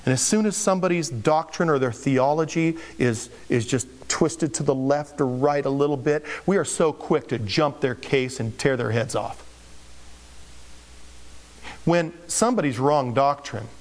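A man's voice: medium pitch, a little slow. A man preaching a sermon as a pastor, conversational and joking, explaining scripture with everyday asides.

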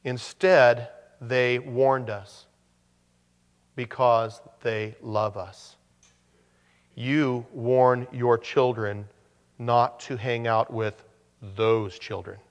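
Brief male pastor, mid-pitched, relaxed preaching with wry asides, long hall echo. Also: very slow. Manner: conversational, joking asides. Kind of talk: sermon.

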